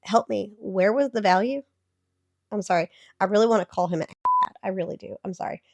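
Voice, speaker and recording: A woman's voice: mid-range voice, moderate pace, no room sound. A woman in her thirties, talking with a sick voice, gives chatty reaction commentary on fitness advice as a vlogger. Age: 30s. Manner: chatty, explanatory, filler-heavy.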